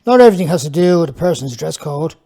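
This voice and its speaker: A man voicing a kindly old male cobbler, giving gentle, fatherly advice in a storybook reading. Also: on the high side, very animated, quick pace. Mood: earnest.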